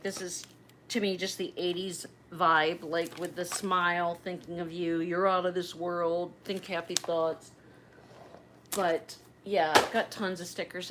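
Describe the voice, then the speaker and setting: A middle-aged woman with a lowish voice hosts a casual livestream, chatting and rambling directly to her viewers. The recording is low-quality, with slight background noise.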